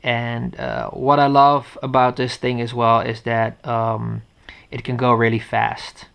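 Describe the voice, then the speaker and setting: A man's voice: medium pitch, level tone, takes it slowly, gravelly, fairly bright tone, clear, resonant tone. Rambling Dutch-accented man reviewing gadgets. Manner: rambling, with many fillers and restarts. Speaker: tech reviewer. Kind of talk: unscripted casual review. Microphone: head-mounted action camera.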